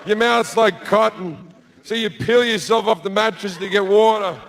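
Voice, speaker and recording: Brash profane comedian, high voice. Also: male voice, moderate pace, gravelly. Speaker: stand-up comedian. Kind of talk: stand-up storytelling. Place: large theatre with a live audience.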